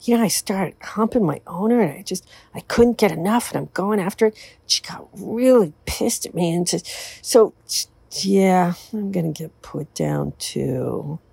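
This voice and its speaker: A woman's voice: lowish voice, lively intonation, a little slow, creaky, dark tone, slightly rough, no echo, full character voice. Rambling, rueful male dog in a told joke, woman voicing, dry sound.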